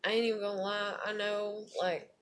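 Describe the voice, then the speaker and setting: A woman's voice: mid-range voice, little pitch movement, normal speed. A woman in a candid personal monologue, talking in a rambling, confessional, blunt way and swearing often.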